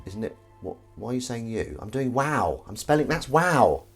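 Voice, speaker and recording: A man's voice: medium pitch, very animated, moderate pace, gravelly, over loud music. A man hosting a live stream, chatting casually and rambling playfully with wordplay.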